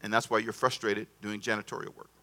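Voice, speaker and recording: A man preaching a sermon in an animated, conversational way, repeating himself and calling on the congregation to answer. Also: fairly low pitch, quick pace. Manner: animated, repetitive, conversational preaching with call-and-response. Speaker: pastor.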